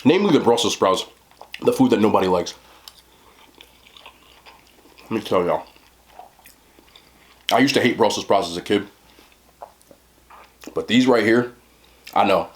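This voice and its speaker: A man's voice: on the low side, animated, measured pace, pauses often. A young man chatting casually to camera as a mukbang vlogger, laid-back and talking between bites with his mouth full. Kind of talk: casual talk to camera while eating.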